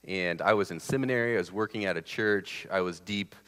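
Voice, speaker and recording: A man's voice: deep voice, a bit bright, smooth, in a large hall. A man in his thirties preaching a sermon in a casual, conversational way, often stopping and restarting his sentences. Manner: conversational, halting, with many restarts. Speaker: pastor.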